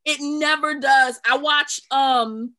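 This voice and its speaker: A woman co-hosting a podcast in casual chat, laughing often and chiming in with quick quips. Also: sits high, fairly even intonation, bright, forceful tone. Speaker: podcast co-host.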